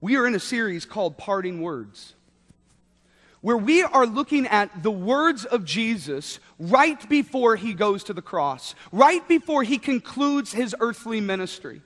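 A man's voice: high voice, very animated, unhurried, fairly bright tone. A man in his thirties preaching a sermon, telling a story with playful asides. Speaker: pastor. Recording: long hall reverb.

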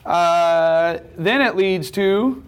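A man's voice: high voice, drawn-out words, noisy background. A man teaching a class, lecturing in a conversational way and often checking in with questions.

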